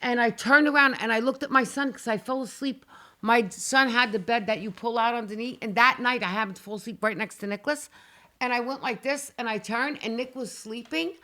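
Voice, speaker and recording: In a slightly high, pushed, bright voice and at a brisk clip, a middle-aged talk-show guest recounts a dramatic story from her own life. She tells it casually and with animation, with the occasional swear word.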